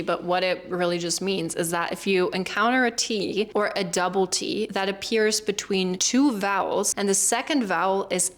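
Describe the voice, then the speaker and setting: Expressive woman coaching an American accent. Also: medium pitch. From Germany. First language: German. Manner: expressive, demonstrates sounds by exaggerating words. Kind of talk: explainer video lesson.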